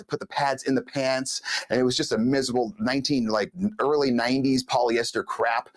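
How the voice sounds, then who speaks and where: A man in his forties from Los Angeles, hosting a live show with a chatty, emphatic monologue that speaks straight to viewers. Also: mid-range voice. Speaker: host.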